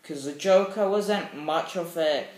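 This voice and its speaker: A man chatting casually about a film he loves, excitable and rambling, with lots of fillers and sound effects. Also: fairly high pitch, unhurried, roomy sound, a little hiss or hum, poor audio. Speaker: movie fan vlogger. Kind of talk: casual film review chat.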